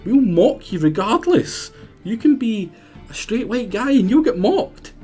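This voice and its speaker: A man's voice: high-pitched, very animated, a little slow, darkish tone, slightly rough, faint music behind. A young Scottish man with a Scottish accent, chatting in a joking, mocking, sweary way while streaming a game. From Scotland. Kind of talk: casual gaming stream chat.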